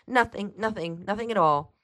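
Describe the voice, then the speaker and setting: Woman reader doing middle-aged housekeeper, sharp high voice, evasive, hesitant, storybook reading. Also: moderate pace, close to an everyday voice.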